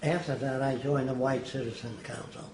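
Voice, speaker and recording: A man's voice: mid-range voice, fairly even intonation, normal speed. An older man being interviewed, telling anecdotes emphatically and acting out the people he quotes. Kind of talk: anecdotal storytelling. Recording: roomy echo, faint noise.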